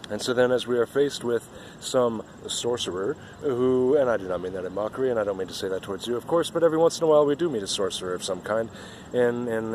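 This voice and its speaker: A man's voice: mid-range voice, darkish tone, a little hiss or hum. A man giving an earnest, rambling spiritual monologue outdoors, often repeating himself.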